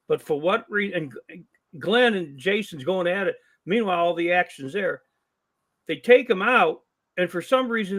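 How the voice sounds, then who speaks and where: An older man with a voice that sits a little high talks as a guest on a casual podcast. He is a veteran wrestling promoter who tells long, animated stories and acts out the lines of the people in them. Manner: animated storyteller who acts out quoted dialogue. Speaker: guest, longtime wrestling promoter and ring announcer.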